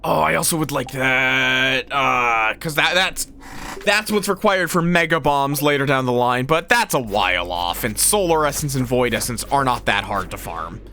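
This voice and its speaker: Animated man streaming a game. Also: medium pitch, normal speed, a little hiss or hum. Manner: animated, swears casually, talks to chat. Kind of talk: casual gameplay commentary.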